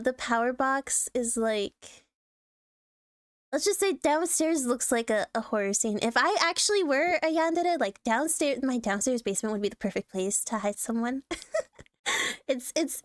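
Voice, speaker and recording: A woman streaming casual commentary on online posts, talking bluntly with swearing, frequent throat clearing and lots of laughter. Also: sits high, no room sound, studio quality.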